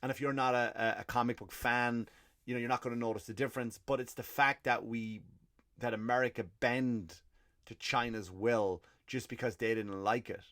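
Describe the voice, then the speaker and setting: A man's voice: mid-range voice, fairly even intonation, normal speed, fairly bright tone. An Irish man hosting a comedy podcast, telling a profane, rambling story in a monologue. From Ireland. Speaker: comedian host.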